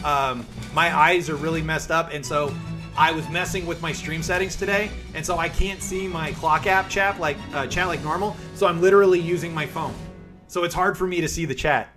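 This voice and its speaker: A chatty man streaming from home, talking to his viewers in a lightly raised voice. He moves quickly and casually from one thought to the next while music plays clearly behind him. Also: on the high side, steady tone. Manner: chatty, fast-talking, reads chat aloud. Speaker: live streamer. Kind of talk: casual live-stream chat. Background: background music.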